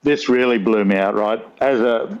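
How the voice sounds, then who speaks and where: A man's voice: mid-range voice, moderate pace. An older Australian man with a broad Australian accent, telling stories in a casual chat and slipping into other voices as he goes. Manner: animated storyteller, mimics voices. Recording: dull lo-fi sound.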